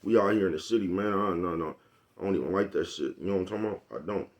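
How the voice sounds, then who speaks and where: Deep-voiced fast-talking Oakland man, rambling. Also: a little mellow. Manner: streetwise, profane, rambling, constantly asks "you know what I'm talking about?". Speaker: vlogger. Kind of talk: casual monologue to camera.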